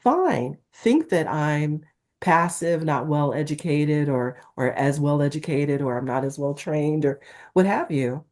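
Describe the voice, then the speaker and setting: A woman's voice: sits low, lively intonation, measured pace, a little mellow. A middle-aged woman from Newark, a talent agent, talking candidly in an interview with a Valley-girl-like, emphatic delivery. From Newark, New Jersey, USA.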